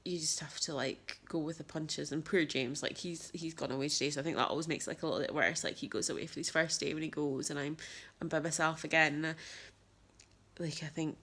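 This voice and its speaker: A woman's voice: sits low, fairly even intonation, a little fast, a bit bright. A young woman telling a personal story in a rambling vlog, full of fillers and dropping into whispers. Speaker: vlogger.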